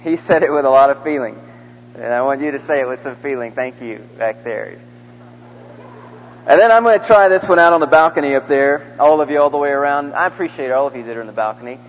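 A man's voice: mid-range voice, fast. A male preacher leading a large church crowd in call-and-response during a sermon, coaxing them section by section. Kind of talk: interactive sermon. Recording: dull echoey hall recording from the mic.

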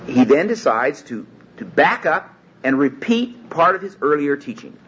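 A man's voice: a little high, very animated, a little slow, a bit bright. A man giving an expository Bible lecture, emphatic and often stopping to restart his sentences. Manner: emphatic, hesitant with many restarts. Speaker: Bible teacher. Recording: dull lo-fi recording with faint room hum.

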